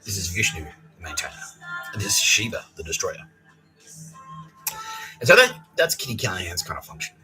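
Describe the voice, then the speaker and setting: A man hosts a podcast and rambles through a comic monologue packed with swearing and "like, yeah" fillers. His voice is very low yet bright and forceful. Faint music plays underneath. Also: big pitch swings, a little fast, pauses often, rough recording. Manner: profane, rambling, full of fillers. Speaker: podcast host.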